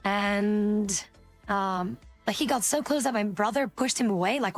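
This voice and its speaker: Woman streamer chatting to viewers; loose, rambling delivery full of fillers, soft music under her. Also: medium pitch, unhurried. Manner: rambling, many fillers and restarts. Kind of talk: casual storytelling to chat.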